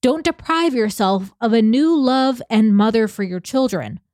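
A woman co-hosting a podcast, reading a letter and a call transcript aloud in a measured, steady way. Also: fairly high pitch, dry recording, clean studio sound.

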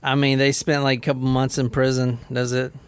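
A man hosting a podcast, telling a true-crime story in a blunt, profane, animated way. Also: medium pitch, brisk, clean tone, dry recording. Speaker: podcast host.

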